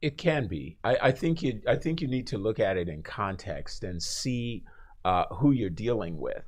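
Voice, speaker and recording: A man who is a guest on a radio talk show, telling stories in a lively way, laughing often and acting out the people in them. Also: lowish voice, normal speed. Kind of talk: animated storytelling in a talk show.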